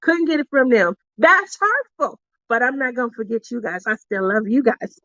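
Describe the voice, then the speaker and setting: A middle-aged woman hosting a crafting vlog, telling chatty stories with frequent laughter and animated retellings. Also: fairly high pitch, fairly quick, dry recording. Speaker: crafting channel host. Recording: dull lo-fi sound.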